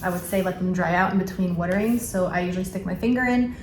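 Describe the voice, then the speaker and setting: A woman's voice: lowish voice, fast talker. A woman with a New York accent gives a casual plant-care vlog, chatting with lots of fillers and self-corrections as she repots plants at home. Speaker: plant vlogger. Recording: echoey room with clear background noise.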